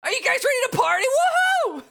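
A speaker voicing an excitable young male gamer, gushing and shouting, in a high bright voice. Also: fast, vocal fry, heavily acted. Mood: overjoyed.

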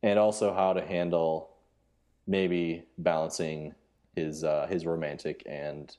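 A man co-hosting a podcast, chatting casually and haltingly with frequent restarts and fillers. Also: a bass voice, little pitch movement, darkish tone. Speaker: podcast co-host. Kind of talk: casual chat.

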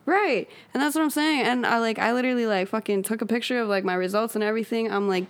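A woman's voice: on the high side, fast, few pauses, smooth. A young woman in casual podcast chat, telling a story full of swearing. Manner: animated, swearing heavily, laughing.

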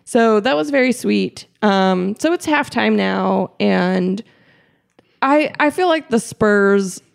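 A young woman co-hosting a casual basketball podcast, her voice carrying a slight gravelly fry. She talks in loose, giggly bursts with plenty of ums and self-corrections. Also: medium pitch, lively intonation, slow pace. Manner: chatty, giggly, many fillers and restarts. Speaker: podcast co-host. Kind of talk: casual chat recapping a basketball game.

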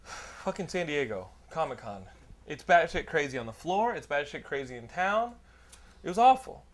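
Man, podcast host, rambling profane storyteller, fairly high voice, middle-aged. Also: sing-song, moderate pace. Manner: profane, rambling anecdote teller. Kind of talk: casual storytelling chat.

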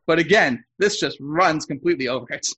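A man's voice: fairly high pitch, fairly quick, pushed and bright, breathy edge. A man co-hosting a podcast, explaining details casually and correcting himself as he goes. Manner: explanatory, self-correcting, knowledgeable fan. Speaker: podcast co-host. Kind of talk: casual chat.

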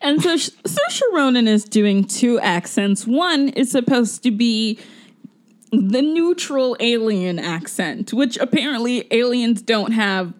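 A woman co-hosting a casual podcast, chatting about a film. Her voice sits a little high, and she fills her talk with "like". She laughs often as she chats. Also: animated, slow pace. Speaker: podcast co-host.

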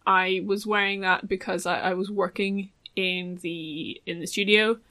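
A woman's voice: medium pitch, fairly even intonation, measured pace, sharp tone, no room sound. Posh woman, dry close sound. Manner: self-conscious, posh phone voice. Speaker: podcast host. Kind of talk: casual podcast chat.

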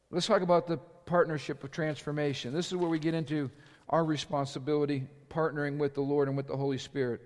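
A male pastor preaches to his congregation, his voice sitting a little high for a man. He throws out rhetorical questions and pushes his volume up as he drives each point home. The sound carries the long reverb of a big hall. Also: a little mellow. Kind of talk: sermon.

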